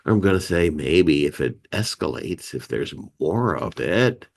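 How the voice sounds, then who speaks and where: A man's voice: extremely low pitch, a little slow, gravelly. A man hosting a community meeting, teaching about feelings in a conversational way and acting out emotion words. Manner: animated, acts out emotion words with gasps and sighs; conversational, many "you know" and "right". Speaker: meeting host and life skills teacher.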